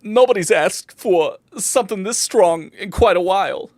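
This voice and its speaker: A woman voicing an excitable male tavern bartender who gushes with astonishment. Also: normal speed, no echo, lightly acted. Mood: gushing. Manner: gushing, astonished, high-pitched.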